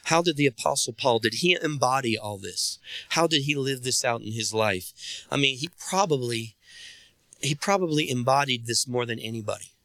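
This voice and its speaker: A pastor preaching a sermon in a bright, forceful man's voice. He calls out to the congregation and presses them to answer back. The sound is close and dry. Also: medium pitch, moderate pace, dry recording.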